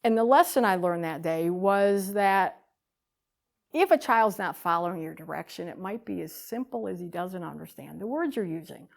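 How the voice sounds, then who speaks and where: A woman giving a talk, telling a story with animated swings between loud bursts and hushed lines. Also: on the low side, moderate pace, gravelly. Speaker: speaker.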